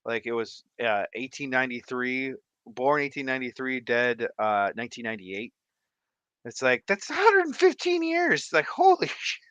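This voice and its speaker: A man's voice: mid-range voice, sing-song, normal speed, fairly bright tone, dry recording, highs cut off. A man co-hosting a livestream, rambling and laughing as he chats. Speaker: livestream co-host. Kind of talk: casual chat.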